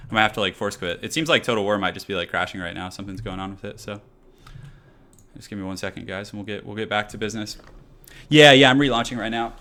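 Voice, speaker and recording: A man's voice: lowish voice, fast talker, sharp tone. Chatty young male game streamer. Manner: chatty, reads chat aloud, many fillers. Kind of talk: casual live-stream commentary.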